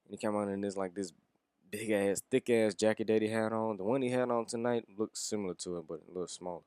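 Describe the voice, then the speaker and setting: Casual, profane low-voiced man reviewing wrestling. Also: fairly even intonation, fast, a little mellow, smooth, dry recording, studio quality. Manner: rambling, profane, chuckling.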